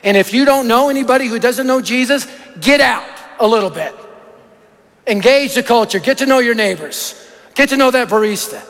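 A man preaching a sermon in a very high voice. He tells stories and drives his points home with short, punchy lists. The sound carries a long hall reverb. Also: normal speed. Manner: animated, anecdotal, punchy lists. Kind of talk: sermon with storytelling. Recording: echoey hall.

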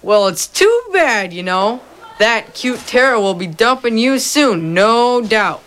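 A woman's voice: a little high, expressive, slow pace, fairly bright tone. A woman voicing a taunting schoolboy bully in a cartoon, with a sneering, mocking manner.

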